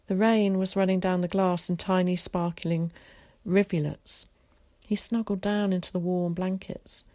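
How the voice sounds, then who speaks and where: A woman reading a novel aloud in calm, measured storytelling narration. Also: on the low side, no echo, clean studio sound. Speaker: audiobook narrator. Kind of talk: scripted narration.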